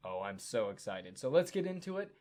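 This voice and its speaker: An upbeat, chatty man running a tabletop game as game master, talking loosely with plenty of fillers. His voice sits at an ordinary middle pitch. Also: sing-song, fairly quick, warm tone.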